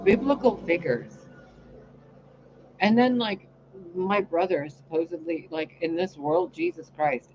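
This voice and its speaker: A woman talking in a casual, rambling monologue on her channel, cursing often and swinging between loud outbursts and quiet asides. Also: low voice, dull audio, slight background noise. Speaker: spiritual reader and channel host.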